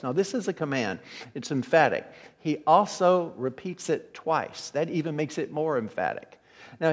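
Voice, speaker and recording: Conversational preacher in a reverberant hall. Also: male voice, mid-range voice, a little mellow. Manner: conversational, repeats words when restarting. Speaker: pastor. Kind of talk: sermon.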